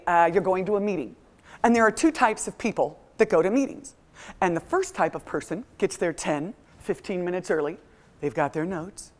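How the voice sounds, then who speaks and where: A middle-aged woman giving a motivational talk to a live audience, telling stories with lively acted-out voices. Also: fairly low pitch. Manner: animated storytelling, acts out quoted voices. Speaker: motivational speaker.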